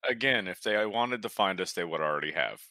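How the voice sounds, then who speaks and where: Wry man with a low bright voice. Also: lively intonation, brisk, no echo, clean studio sound. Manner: teasing, wry. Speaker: player. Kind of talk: casual chat.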